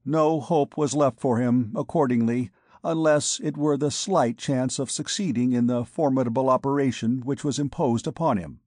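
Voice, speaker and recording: A man reading a classic novel aloud as an audiobook narrator, in a steady, measured way. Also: mid-range voice, no echo, clean studio sound. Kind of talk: scripted narration.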